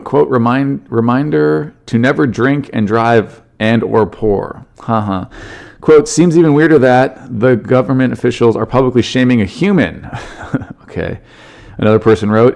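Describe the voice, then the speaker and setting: Comedian riffing on odd news. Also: male voice, mid-range voice, a little mellow. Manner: swears freely, jumps into goofy character voices. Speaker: podcast host, comedian. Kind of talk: casual comedic monologue reading news stories.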